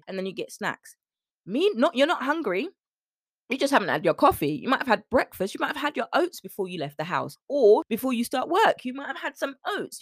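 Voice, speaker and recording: Woman coach, solo podcast, lively swooping pitch, dry close sound, chatty. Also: no echo. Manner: chatty, animated, acts out sing-song quotes. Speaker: weight-loss coach and podcast host. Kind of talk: casual solo podcast talk.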